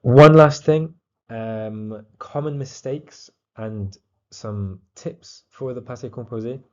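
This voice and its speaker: A man teaching a language lesson, walking through grammar with a relaxed, explanatory manner and frequent fillers. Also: medium pitch, slow, dull audio. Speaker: French teacher. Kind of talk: exam tutorial explanation.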